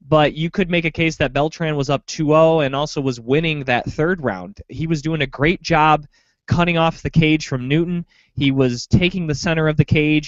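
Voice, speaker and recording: A man co-hosting a casual sports podcast, rambling and animated as he breaks down a fight. His voice sits a little high and lands close and dry. The recording is dull and lo-fi. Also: no echo. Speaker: podcast co-host.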